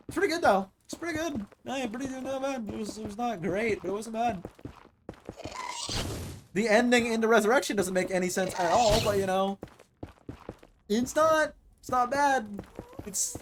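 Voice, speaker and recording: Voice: mid-range voice, a little hiss or hum. A streamer chatting casually over live gameplay, rambling with lots of fillers and casual swearing.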